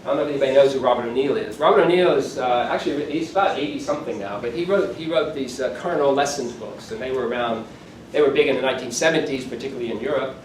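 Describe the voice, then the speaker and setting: A man's voice: medium pitch, very fast, slight background noise. A man in his sixties giving a conference keynote lecture, talking conversationally with self-deprecating asides. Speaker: keynote speaker. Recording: echoey hall from far off, faint room ambience.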